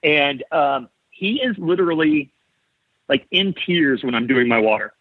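A man's voice: a little high, expressive, a little slow, slightly rough, no room sound. A man in his forties from Ohio, a podcast guest who tells his stories eagerly, often restarting his sentences. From Ohio, USA. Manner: eager storytelling with frequent restarts. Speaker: podcast guest, model builder. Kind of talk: casual interview chat. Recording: tinny phone-like call audio.

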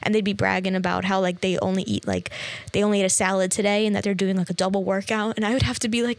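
A woman's voice: medium pitch, steady tone, fast, dry recording. A young woman from New York hosting a casual solo fitness podcast, talking chattily with constant fillers into a close mic. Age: young adult. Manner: chatty, filler-heavy, lots of "like". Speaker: podcast host and fitness trainer.

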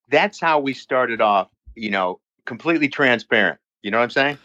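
A man's voice: medium pitch, expressive, moderate pace, bright, forceful tone, no echo. An older man, a fitness trainer, chatting as a guest in a rambling, jokey, profane way. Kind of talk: casual chat. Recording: slightly dull lo-fi sound.

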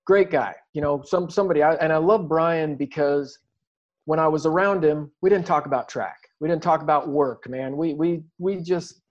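A man's voice: a little high, moderate pace. A man telling his story in an interview, earnest and reflective, often restarting his sentences. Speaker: guest athlete. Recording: dull lo-fi recording.

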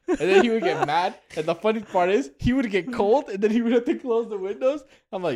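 A young man telling a story on a casual podcast, animated and profane, often laughing. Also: high-pitched, fast talker. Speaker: podcast co-host.

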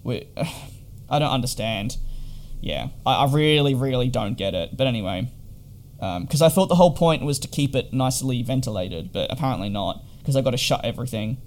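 A man's voice: mid-range voice, lively intonation, brisk, a little hiss or hum. A man chatting casually in a vlog about hotel quarantine, rambling and wry with lots of fillers. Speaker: vlogger.

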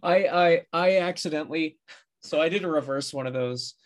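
A man's voice: a little high, normal speed. A man co-hosting a casual podcast chat, telling a story in a rambling, self-correcting way. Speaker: podcast co-host.

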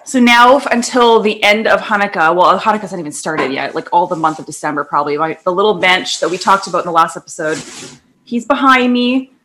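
A woman's voice: on the low side, a little fast, fairly bright tone, a little hiss or hum. A woman co-hosting a podcast, chatting casually in a giggly, rambling way. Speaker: podcast co-host. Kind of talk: casual chat. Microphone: podcast studio microphone.

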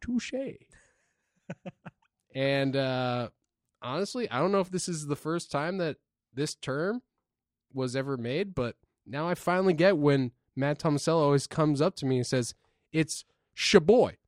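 A man's voice: fairly high pitch, moderate pace, no echo, studio quality. A man co-hosting a podcast, telling a loose, rambling story in casual chat full of fillers. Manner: laid-back, rambling storytelling with frequent fillers. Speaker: podcast co-host.

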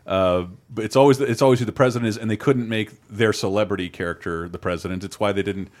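A man hosting a podcast in casual, animated chat, swearing now and then. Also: lowish voice, fast talker. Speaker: podcast host.

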